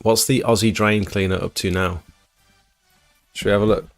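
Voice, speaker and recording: Gravelly, low-voiced British man chatting. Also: steady tone, moderate pace, soft background music. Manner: chatty, answers viewer chat. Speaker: livestream host. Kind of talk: casual live chat.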